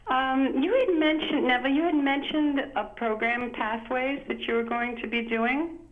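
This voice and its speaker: A woman's voice: sits high, steady tone, moderate pace. A woman calling in to a talk show who asks her question in a polite, hesitant way. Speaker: caller. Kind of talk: phone-in question. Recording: tinny phone line.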